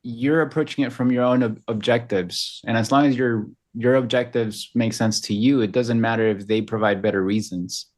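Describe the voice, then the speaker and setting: A man's voice: mid-range voice, steady tone, normal speed, hardly any pauses, a little mellow. A man on a live stream, casually chatting and asking curious follow-up questions.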